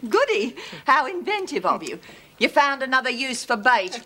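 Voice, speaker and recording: A cutting, sarcastic wife with a high and lively voice. Loud background noise runs under the recording. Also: female voice, moderate pace. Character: sharp-tongued sarcastic wife.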